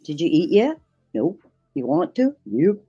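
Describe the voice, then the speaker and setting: A woman's voice: on the low side, wildly swooping pitch, a little slow, warm tone, breathy edge, lo-fi sound, soft background music. A woman with a Maine accent chatting casually as a guest on a livestream panel, telling rambling stories with chuckling asides.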